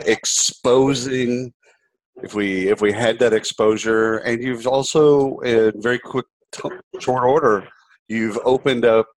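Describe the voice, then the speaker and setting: A man's voice: mid-range voice, dry recording, poor audio. A man in his forties hosting an interview, asking thoughtful questions with frequent hesitations and fillers. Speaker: interview host.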